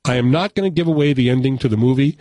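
A man hosting a radio chat, retelling and reviewing a movie in an animated, laughing way. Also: mid-range voice, racing, no room sound, clean studio sound. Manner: animated storyteller, laughs often. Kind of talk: casual chat.

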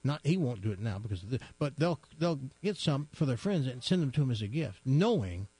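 A man's voice: medium pitch, sing-song, fairly quick, a little mellow, breathy edge, no room sound. A male host chatting and telling an old joke, rambling with many restarts. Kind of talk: comedic chat and joke telling.

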